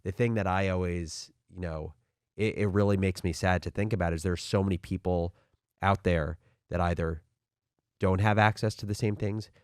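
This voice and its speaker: Man hosting a podcast, low voice, supportive, dry studio mic. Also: fairly even intonation, normal speed, clear, resonant tone, no room sound. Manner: supportive, brief agreeing replies. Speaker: podcast host. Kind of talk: interview conversation.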